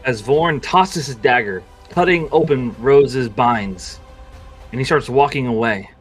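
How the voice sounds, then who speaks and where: A man's voice: mid-range voice, measured pace, breathy edge, faint music behind. A man narrating a tabletop game as game master, explaining at length with hesitations.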